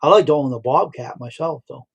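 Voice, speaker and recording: A man's voice: a little high, lively intonation, fairly quick, slightly rough, rough recording. A middle-aged man hosting a livestream, telling rambling stories and repeating himself. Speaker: livestream host. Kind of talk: casual storytelling.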